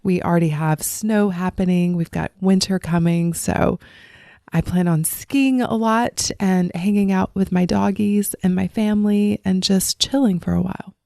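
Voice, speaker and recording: A woman's voice: mid-range voice, fairly even intonation, normal speed, vocal fry, warm tone, no echo, clean studio sound. A woman hosting her own podcast, talking in a chatty, upbeat, personal way. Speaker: podcast host. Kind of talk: casual solo podcast talk.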